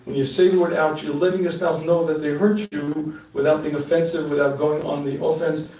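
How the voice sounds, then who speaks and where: High-voiced joking middle-aged man, echoey hall. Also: brisk. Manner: animated, joking, laughs at his own asides. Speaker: rabbi answering audience questions. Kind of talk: live talk with Q&A. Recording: echoey room, mic at a distance.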